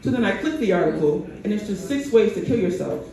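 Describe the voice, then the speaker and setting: A woman performing a stand-up comedy set on a bar stage, with a deadpan delivery that keeps tagging jokes with "right?". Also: mid-range voice, fairly quick, gravelly. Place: bar stage in front of a crowd. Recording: echoey room, mic heard from a distance.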